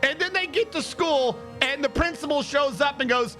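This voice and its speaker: A man's voice: very high voice, normal speed, few pauses, bright, forceful tone, faint music behind. A man streaming live, recapping in a sarcastic, profane, exasperated way. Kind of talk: casual livestream rant.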